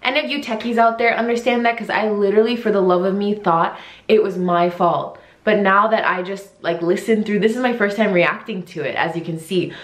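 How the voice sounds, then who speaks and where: A young woman chatting excitedly in a casual reaction vlog, giggling and squealing now and then. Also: mid-range voice, brisk. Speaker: vlogger. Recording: echoey room.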